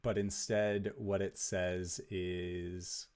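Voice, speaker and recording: A man narrating a tabletop role-playing game as game master, in a measured, descriptive way. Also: low-pitched, flat delivery, darkish tone, smooth.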